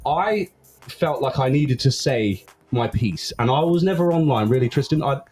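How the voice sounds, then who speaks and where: A man's voice: mid-range voice, animated, moderate pace, a little mellow, faint music behind. A man, an old friend of the host, talking candidly as a guest in a casual conversation.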